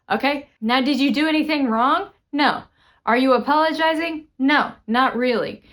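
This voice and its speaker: Texan woman, English teacher, chatty and expressive, slightly high voice. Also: moderate pace. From Texas. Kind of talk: casual spoken English lesson.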